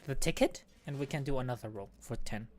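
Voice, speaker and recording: A woman streaming a game, chatting excitedly while pulling for rewards, squealing and laughing at good results and muttering when they are bad. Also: extremely low pitch, a little fast. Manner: squealing bursts of excitement, then deflated mumbling. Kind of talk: excited gacha-pull stream chat.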